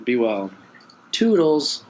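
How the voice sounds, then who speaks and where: A man's voice: medium pitch, sing-song, slow, darkish tone, slight background noise, poor audio. A man co-hosting a casual comedy podcast, laid-back and sheepish, often laughing along. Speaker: podcast co-host.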